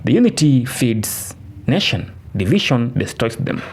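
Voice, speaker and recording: A man's voice: mid-range voice, big pitch swings, measured pace, a little hiss or hum. A man narrating a political commentary, emphatic and repetitive, with restarts. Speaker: channel narrator. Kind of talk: commentary voice-over.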